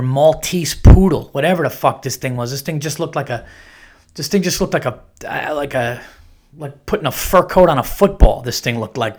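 A man hosts a podcast and tells a long, rambling story in a casual way. He keeps looping back and restarting his sentences, and he acts out the neighbor's quoted lines in a livelier voice. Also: mid-range voice. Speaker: podcast host.

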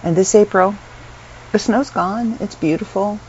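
With a mid-range, darkish voice and a measured pace, a middle-aged woman from Canada rambles casually to the camera as a vlogger. She is unwell and weary, speaking from her bedroom with frequent ums and small laughs. The recording sounds dull and lo-fi, with faint room noise.

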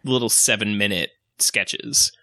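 A man talking casually on a podcast with a bright, forceful voice that sits a little low. He rambles and laughs as he goes. The sound is dry and close. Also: a little slow, dry recording. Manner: rambling, animated, often laughing. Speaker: podcast co-host. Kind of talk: casual chat.

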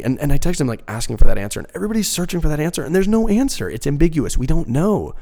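A man's voice: fairly high pitch, fast talker, gravelly, hardly any pauses. A young man hosting a casual talk show, ranting profanely and acting out other people's voices as he goes. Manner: profane, animated, mimics voices mid-rant. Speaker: podcast host.

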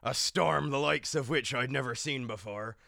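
A man's voice: medium pitch, normal speed, creaky, sharp tone, dry recording, clean studio sound. A man voicing a rambling, self-important old sea captain with a put-on Scottish brogue, improvising on a comedy podcast. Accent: wobbly put-on Scottish brogue. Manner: pirate-ish "aye" and "yarp" talk, rambling.

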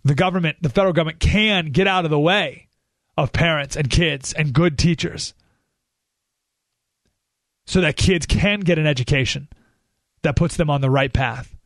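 A man's voice: on the high side, normal speed, pauses often, a bit bright, no echo, studio quality. A man hosting a political talk radio show, speaking emphatically and sarcastically. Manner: emphatic, sarcastic, with short laughs.

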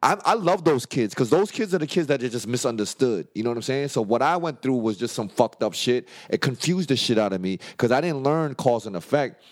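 A man's voice: medium pitch, animated, a little fast, hardly any pauses. A man in his thirties on a podcast, talking bluntly and emphatically with lots of profanity. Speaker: podcast co-host. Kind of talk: candid podcast conversation.

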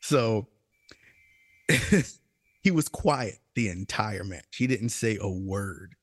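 A young man co-hosting a gaming podcast, telling stories in a loose, animated way, laughing and raising his voice when quoting others. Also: lowish voice, extremely slow, no room sound. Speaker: podcast co-host. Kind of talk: casual storytelling chat.

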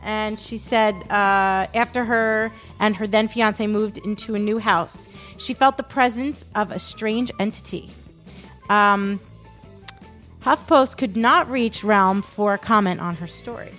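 A woman's voice: medium pitch, slow pace, a bit bright, faint music behind. A woman co-hosting a comedy podcast, reading a news story aloud and laughing often as she goes. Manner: laughs often while reading, loses her place. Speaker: podcast co-host.

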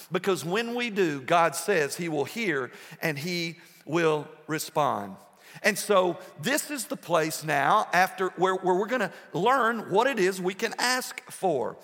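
Passionate preacher with a high, bright voice. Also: male voice, expressive, takes it slowly. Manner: passionate, swings between soft and loud. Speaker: pastor. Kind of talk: sermon. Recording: long hall reverb.

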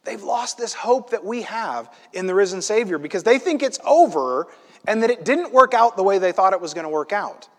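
A man's voice: sits high, moderate pace. Guy preaching, reads scripture, voice swoops all over, acts out the story. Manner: animated, dramatizing the story with loud acted-out asides. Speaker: pastor. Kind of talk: sermon with scripture reading. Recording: long hall reverb.

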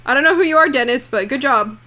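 A woman's voice: sits high, fast, pushed and bright. A young woman co-hosting a casual podcast, reacting eagerly and jumping in with questions. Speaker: podcast co-host.

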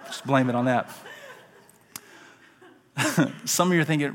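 A man, preaching a sermon as pastor, dropping to hushed tender stretches and rising to loud impassioned ones. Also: medium pitch, measured pace, pauses often. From Alabama.

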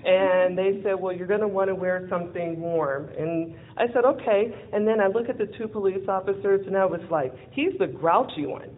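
A woman telling a personal story in a lively way, acting out what people said and laughing often. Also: mid-range voice, moderate pace, few pauses. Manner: lively, acts out quoted dialogue, laughs often. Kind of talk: personal storytelling with a closing lesson. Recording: phone-like narrow sound with faint noise.

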